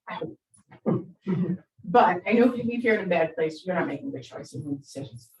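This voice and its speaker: Animated woman telling stories in a roomy hall. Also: fairly low pitch, normal speed. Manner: animated, acts out quoted voices. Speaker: parenting speaker. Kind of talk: storytelling talk to an audience. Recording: roomy sound from far off the mic.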